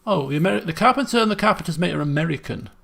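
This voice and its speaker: A man's voice: a little high, animated, very fast, creaky, fairly bright tone. A man, thinking aloud as he streams a puzzle game, muttering guesses and restarting sentences. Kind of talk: casual gameplay commentary.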